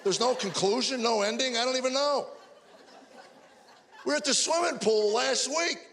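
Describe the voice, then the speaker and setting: A man in his sixties performing a fast stand-up routine, telling stories and acting out his wife's lines. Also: very high voice, creaky, fairly bright tone. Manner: rapid-fire storytelling, mimics wife in dialogue. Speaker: stand-up comedian. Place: comedy stage before a live audience. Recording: crowd laughter and faint noise.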